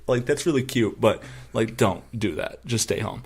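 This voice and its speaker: A man's voice: mid-range voice, moderate pace, hardly any pauses, husky. A young man co-hosting a casual sports podcast, telling stories and acting out his friends' lines with lots of swearing. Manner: animated storyteller who acts out quoted friends loudly and profanely. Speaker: podcast co-host.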